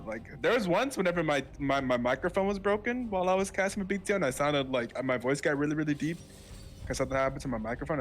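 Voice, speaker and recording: Male shoutcaster, mid-pitched, loose and chatty delivery. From southern United States. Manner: rambling and chatty, with frequent fillers and self-corrections. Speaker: esports shoutcaster. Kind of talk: casual live esports commentary.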